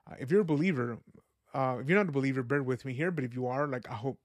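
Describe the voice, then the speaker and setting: A man's voice: mid-range voice, quick pace, no room sound, clean studio sound. A man hosting a podcast, talking in an earnest, rambling, reflective way, full of "you know" and "like". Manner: reflective and faith-minded. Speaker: podcast host. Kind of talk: casual personal podcast monologue.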